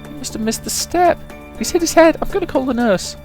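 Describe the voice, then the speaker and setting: A man's voice: animated, fairly quick, darkish tone, soft background music. A man voicing panicked young schoolgirls from a visual novel, crying out frantically. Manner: frantic, shrill cries. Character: panicked young schoolgirls, female, high-strung.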